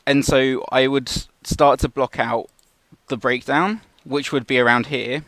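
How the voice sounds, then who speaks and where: A man walks through an animation shot in a relaxed, thinking-aloud way, often restarting his sentences. His voice has a gravelly edge and sits at an ordinary pitch. The sound is close and dry, with no room echo. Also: measured pace. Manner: casual, explanatory, with fillers and restarts. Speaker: animation tutor. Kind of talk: live tutorial walkthrough.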